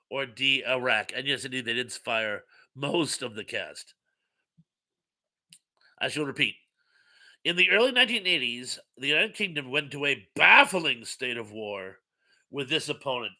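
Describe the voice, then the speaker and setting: A man's voice: mid-range voice, expressive, moderate pace, bright, forceful tone. A man hosting a casual live stream chat, reading viewer comments aloud in a chatty, rambling way with many filler sounds.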